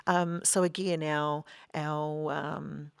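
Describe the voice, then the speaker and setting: A New woman speaking in an earnest, measured way, with frequent pauses and fillers, in a reflective discussion. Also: deep voice, little pitch movement, vocal fry, clean tone, dry recording.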